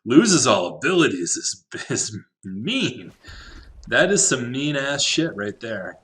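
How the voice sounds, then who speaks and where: A man giving casual commentary on his own card game, thinking out loud, laughing often and swearing now and then. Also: mid-range voice, very animated, measured pace. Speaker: Magic Arena drafter, channel host.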